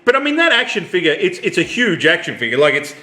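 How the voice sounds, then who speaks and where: Man, high pitch, bright tone, stumbling over words, echoey room. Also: wildly swooping pitch. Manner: halting, repeats words, self-mocking. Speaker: podcast co-host. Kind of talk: casual banter. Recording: roomy echo.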